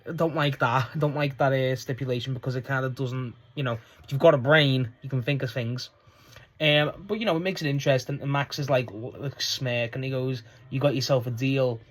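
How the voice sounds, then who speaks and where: A man's voice: medium pitch, a little fast, a bit bright. A man giving a casual spoken review of a wrestling show, rambling with lots of fillers and swearing. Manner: rambling, profane, frequent restarts and fillers.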